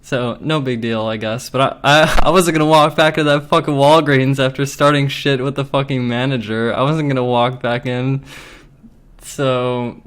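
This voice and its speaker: A man's voice: medium pitch, steady tone, moderate pace, a bit bright, a little hiss or hum. A man telling a story casually, agitated and swearing often, with lots of filler words. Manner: profane, agitated, filler-heavy.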